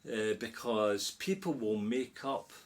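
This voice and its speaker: A man's voice: medium pitch, takes it slowly. A middle-aged Scottish man, a podcast guest chatting casually and telling an anecdote with growing animation. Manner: animated storyteller, laughs while telling anecdotes. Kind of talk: casual storytelling chat.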